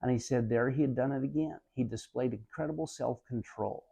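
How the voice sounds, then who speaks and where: Motivational speaker, man, gravelly low tone, earnest storytelling, keeps saying "he said". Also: brisk, dark tone. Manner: retells an anecdote, repeating "he said" often; addresses listeners as "my friends". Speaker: motivational speaker summarizing a book. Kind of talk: earnest spoken book commentary.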